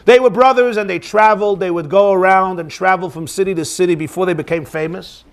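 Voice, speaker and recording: A man with a high voice, telling a story as a rabbi. He narrates in a lively, animated way, and he raises his voice steeply when he acts out the lines of the people in the story. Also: brisk. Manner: animated storyteller, voice rising high in acted quotes, Yiddish phrases. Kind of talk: storytelling sermon.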